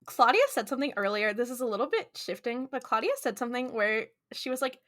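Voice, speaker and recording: A woman's voice: on the high side, quick pace, hardly any pauses, fairly bright tone. A woman co-hosting a podcast, joking and teasing in casual chat. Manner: playful, teasing banter. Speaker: podcast co-host.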